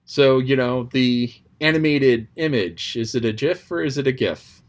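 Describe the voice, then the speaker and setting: At a normal speed and in a mid-range voice, a man gives loose, casual commentary on a book chapter he read aloud. He rambles, restarts, says "um" often, and sometimes slips playfully into quoted voices.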